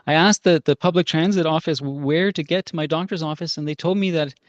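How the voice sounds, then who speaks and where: A man's voice: a little high, steady tone, fairly quick, no echo, highs cut off, voice pushed up, lightly acted. A man putting on a frail old grandmother. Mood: lost, pleading. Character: lost, kindly 91-year-old grandmother.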